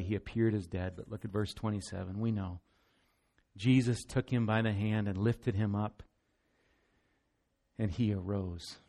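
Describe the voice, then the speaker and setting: A man's voice: fairly low pitch, a little mellow. A man preaching a sermon as pastor, earnest and emphatic, often repeating words as he goes.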